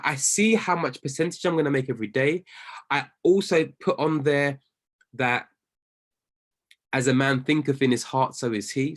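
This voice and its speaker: A young man, a trading coach, giving an animated live talk and acting out the panic of a losing trader. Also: medium pitch. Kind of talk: live-streamed motivational talk.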